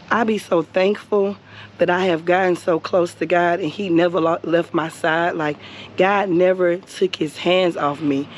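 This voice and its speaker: A woman's voice: lowish voice, a little mellow, a little hiss or hum. A young woman talking earnestly to her viewers while standing outdoors at a cemetery, repeating her words for emphasis and calling them y'all. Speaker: vlogger. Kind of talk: heartfelt talk to camera.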